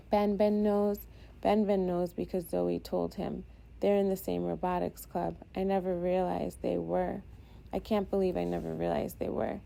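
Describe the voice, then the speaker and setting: A woman reading a first-person audiobook in a steady, introspective way. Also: fairly low pitch, gravelly. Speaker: audiobook narrator.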